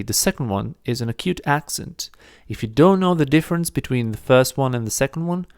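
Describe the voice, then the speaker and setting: Guy teaching a language lesson, slow and patient, gravelly but smooth voice. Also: mid-range voice, no room sound, clean studio sound. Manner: patient, explains step by step, repeats phrases slowly. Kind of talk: video lesson explaining grammar.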